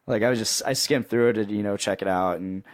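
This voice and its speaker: A young man hosting a podcast in casual chat, pitching with excitable hype and laughing often. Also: fast talker, dry recording, clean studio sound. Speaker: podcast host.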